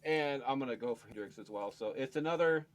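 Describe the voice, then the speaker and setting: A man's voice: mid-range voice, fairly quick. A man hosting a casual podcast, joking and tripping over his words as he runs through the picks. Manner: joking, stumbles and repeats words. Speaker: podcast host running the bracket.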